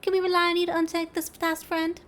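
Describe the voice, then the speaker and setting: A woman's voice: very high-pitched, little pitch movement, fast, a bit bright, voice pushed up. A woman reading aloud as a grave, formal male military commander in a game. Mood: earnest.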